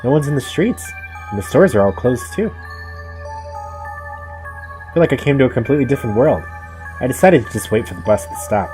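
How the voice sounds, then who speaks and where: A man's voice: medium pitch, lively intonation, a little fast, pauses often, music in the background. A young man playing a horror game, reading the story aloud and cracking casual jokes between lines. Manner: casual, joking asides between dramatic read-outs. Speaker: gamer. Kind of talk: let's play commentary, reading game text aloud.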